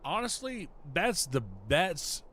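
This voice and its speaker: A man's voice: sits high, sing-song, takes it slowly, bright, forceful tone, a little hiss or hum. A man streaming a video game, talking casually with his viewers in a laid-back, chatty way. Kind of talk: casual gameplay chat.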